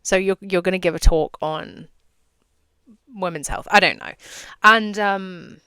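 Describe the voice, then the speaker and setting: Chatty low-voiced woman podcaster, swearing freely. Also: measured pace, pushed and bright, clear, resonant tone, no echo, clean studio sound. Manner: chatty, swears freely, laughs often, acts out little scenes. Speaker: podcast host and business coach. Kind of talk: casual solo podcast monologue.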